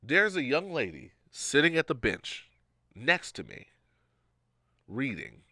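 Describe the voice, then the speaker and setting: A man co-hosting a podcast, telling a story in a casual, animated way and acting out the people he quotes. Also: medium pitch, slow pace, no room sound, studio quality. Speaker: podcast co-host.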